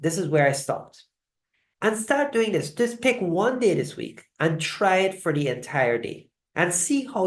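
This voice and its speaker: A host running a live online talk, teaching motivational lessons and telling stories in an animated way. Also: medium pitch. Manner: animated storyteller, shifts loudness often. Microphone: video call. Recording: roomy echoing sound.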